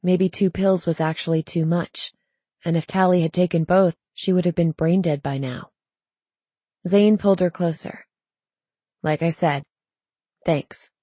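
A woman narrating a story in a measured, even reading voice. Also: fairly low pitch, slightly rough, dry recording. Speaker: audiobook narrator. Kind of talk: scripted narration.

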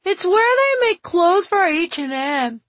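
A woman voicing a petulant, sulky young boy in an audiobook, with a high childlike voice. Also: big pitch swings, unhurried, a bit bright, dry recording, full character voice. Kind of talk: audiobook character voice.

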